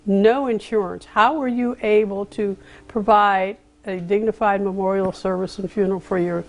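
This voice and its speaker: A woman host asking measured, formal questions in a TV interview. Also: mid-range voice, fairly even intonation.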